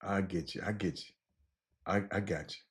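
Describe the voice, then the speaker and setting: A middle-aged man hosting a casual sports talk show, animated and repetitive, shouting out listeners by name. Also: low voice, moderate pace.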